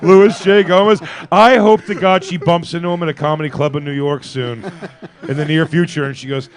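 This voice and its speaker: A man's voice: fairly high pitch, fairly even intonation, fairly quick. A man co-hosting a podcast, teasing and ribbing in a mock-dramatic way. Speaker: podcast co-host. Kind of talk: casual chat.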